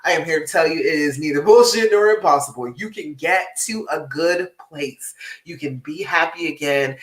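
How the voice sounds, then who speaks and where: A woman relationship coach talks to her live-stream audience in a bright, sharp voice. She is direct, frank and encouraging, often checks in with her listeners and laughs easily. She sits a little back from the mic in an echoey room. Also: fairly low pitch, distant mic. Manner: direct and encouraging, tag questions like "all right?".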